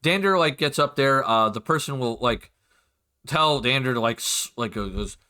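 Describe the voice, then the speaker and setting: Bright-voiced man running a tabletop game. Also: medium pitch, expressive, normal speed. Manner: casual, loose narration with many fillers. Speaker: game master.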